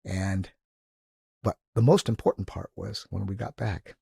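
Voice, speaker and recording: A male motivational speaker telling animated stories as a podcast guest, acting out the people he quotes. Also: low voice, a little slow, creaky, slightly rough, no echo, studio quality. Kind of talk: casual storytelling.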